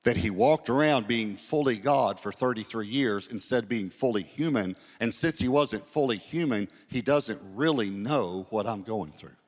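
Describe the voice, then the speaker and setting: A male pastor preaching a sermon, telling a story with quoted dialogue and slowing down to read scripture aloud. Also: medium pitch. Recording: long hall reverb.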